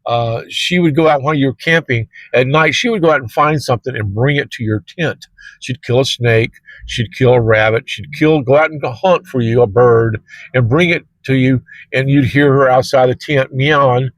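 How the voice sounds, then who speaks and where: A male rideshare driver rambles through a story to his viewers, his sentences packed with "uh"s and restarts. His voice sits at an ordinary middle pitch. The sound is dry and close, with no room echo. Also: moderate pace. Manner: rambling, with many fillers and restarts. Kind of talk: casual storytelling to camera.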